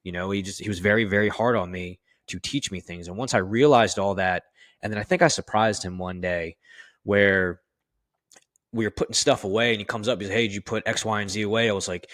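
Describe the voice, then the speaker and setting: Low-voiced firefighter telling candid stories. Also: male voice, a little fast, a bit bright, no echo, studio quality. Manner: candid and profane, heavy use of "you know"; acts out quoted dialogue in his stories. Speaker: firefighter officer guest. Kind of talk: casual interview storytelling.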